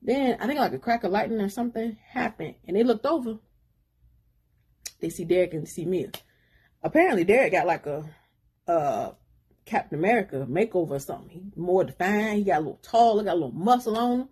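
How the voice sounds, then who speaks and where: Brief: husky-voiced woman, relaxed book recap, rambling and slangy. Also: mid-range voice, fairly quick. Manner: rambling retelling with slangy asides. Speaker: book reviewer.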